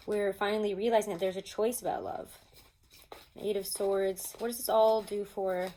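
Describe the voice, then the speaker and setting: A woman's voice: medium pitch, a little hiss or hum, rough recording. Chatty woman reading tarot cards. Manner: chatty, animated, many "like" and "um" fillers. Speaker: tarot reader. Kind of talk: casual tarot reading to viewers. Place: home with pets nearby.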